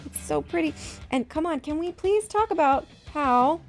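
A woman in her thirties chatting excitedly as she opens graded trading cards, gasping and repeating herself. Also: sits high, normal speed, faint music behind. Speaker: card collecting vlogger. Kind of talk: excited unboxing chat.

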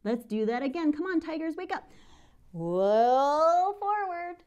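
A woman's voice: high voice, expressive, fast, mellow. A woman teaching yoga to young children, talking to them directly in a playful, encouraging way and telling a pretend story with gasps and exclamations. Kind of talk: guided kids yoga lesson.

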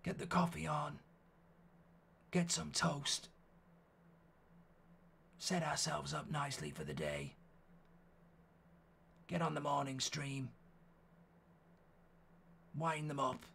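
A man putting on an Irish accent to voice a quiet, menacing middle-aged Irishman who murmurs threats. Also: lively intonation, slow, gravelly, pauses often, husky, heavily acted. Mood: calm, plotting. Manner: low, murmured, threatening delivery.

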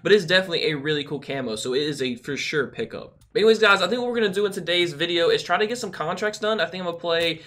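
A man's voice: fairly high pitch, animated, racing, few pauses, pushed and bright. A young man giving chatty, slang-filled live commentary over his gameplay, often exclaiming and laughing. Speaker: gaming youtuber.

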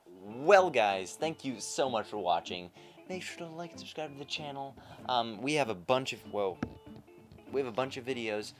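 A man's voice: medium pitch, animated, normal speed. A young man hosting a comedy impressions video, chatting in a goofy, rambling, self-mocking way. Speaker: host. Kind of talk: casual vlog chat.

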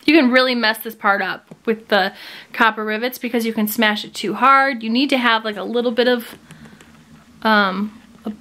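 A woman's voice: fairly high pitch, moderate pace. Chatty woman with a raised voice for a casual review vlog, quoting people as she tells a story. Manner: chatty, animated storytelling with quoted dialogue. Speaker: leather bag reviewer.

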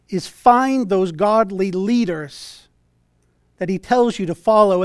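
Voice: mid-range voice, dry recording, studio quality. A preacher giving an earnest sermon, exhorting listeners and citing scripture.

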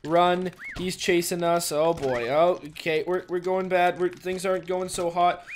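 A man hosting a gaming video, giving casual, excitable play-by-play commentary and exclaiming and swearing often. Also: sits high, a little slow, slight background noise. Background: faint background music.

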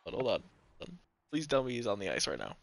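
A male streamer giving casual live commentary over a hockey game, excitable and swearing freely. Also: fairly low pitch, fast, creaky.

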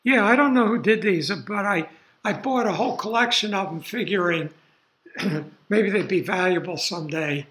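An older man giving a university lecture, rambling through relaxed asides with fillers. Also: high-pitched, moderate pace. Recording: roomy lecture hall.

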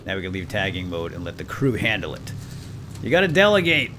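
A man's voice: sits low, big pitch swings, brisk, noisy background. Chatty man hosting a game playthrough. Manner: chatty and self-deprecating, addressing viewers directly; breaks into loud mock-commanding calls at the game crew. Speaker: gaming channel host. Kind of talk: let's play commentary.

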